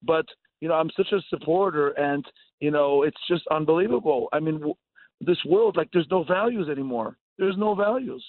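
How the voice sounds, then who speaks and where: Male radio caller, phone-line sound, slightly high voice; rambling, excitable delivery. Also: normal speed, no echo. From California. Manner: rambling, repeats words, excitable. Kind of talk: casual call-in chat.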